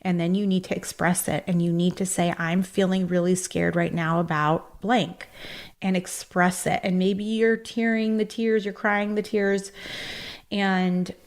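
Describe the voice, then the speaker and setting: A woman with a somewhat low voice hosts a self-help podcast. She talks in an earnest, encouraging way, full of fillers and little asides as she coaches her listeners. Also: steady tone, unhurried. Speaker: podcast host.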